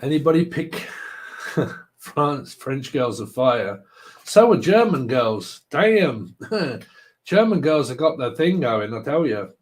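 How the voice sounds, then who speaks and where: A man's voice: medium pitch, big pitch swings, takes it slowly. A man hosting a live tarot stream, chatting casually with viewers, joking and laughing often. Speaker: tarot livestream host.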